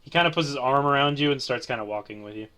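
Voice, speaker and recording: A man's voice: mid-range voice, rapid-fire, bright, forceful tone, clear, resonant tone. A man narrating a tabletop role-play as game master, easygoing and hesitant.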